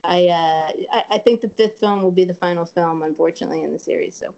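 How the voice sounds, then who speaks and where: A woman's voice: on the low side, fast talker, creaky, warm tone. A woman being interviewed as a guest actress, chatting casually and rambling, swearing freely and leaning on filler words. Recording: dull lo-fi audio.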